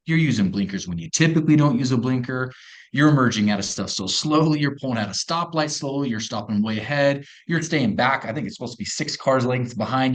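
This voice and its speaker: A middle-aged man talking about his product in a podcast interview, energetic and folksy. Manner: energetic pitch, folksy phrasing. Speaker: company co-founder guest.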